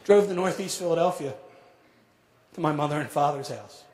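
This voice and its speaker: A middle-aged man tells a personal story to an audience with measured, dramatic pacing. His fairly high voice drops to a hush at the grave moments. The sound is roomy and echoing, as in a large hall. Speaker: speaker telling a survivor story. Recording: echoey hall.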